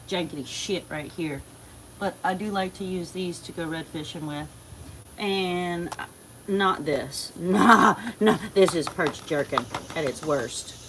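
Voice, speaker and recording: A woman's voice: sits low, unhurried, fairly bright tone, a little hiss or hum. A woman hosting a casual livestream, folksy and chatty, talking to her animals and her viewers. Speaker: livestream host.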